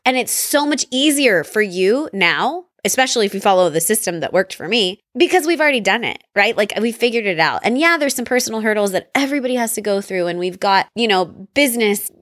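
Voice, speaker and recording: A woman in her thirties, a podcast host and business coach, telling her story in a lively, rambling way that often breaks off and restarts mid-sentence. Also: medium pitch, fast, few pauses, dry recording, clean studio sound. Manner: energetic, rambling, self-interrupting. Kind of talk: casual storytelling monologue.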